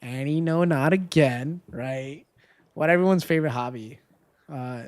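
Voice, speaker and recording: A man's voice: on the high side, a little slow, long pauses, no room sound. Chatty male streamer ending every line with "right?". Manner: rambling, tags nearly every sentence with "right?"; chatty and candid, swears casually. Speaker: gaming livestreamer. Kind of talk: casual livestream chat with viewers.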